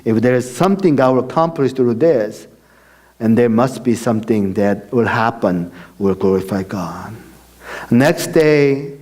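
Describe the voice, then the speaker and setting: A man's voice: medium pitch, darkish tone. A man giving a personal testimony as a missionary speaker in a church, telling his story with acted-out dialogue and frequent laughter. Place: church sanctuary.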